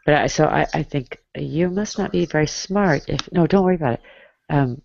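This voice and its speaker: A man's voice: a little high, normal speed, creaky, a little mellow, a little hiss or hum. A man chatting casually on an online call, hesitant and restarting his sentences often. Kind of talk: casual chat. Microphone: online video call. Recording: dry, muffled online call audio.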